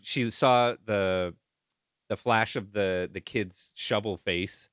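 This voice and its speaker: Podcast co-host: low-voiced man, lively intonation, dry sound, loose and profane. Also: slow pace, clean tone, no room sound. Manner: laid-back, swears a lot, mumbling trail-offs. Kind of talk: casual chat.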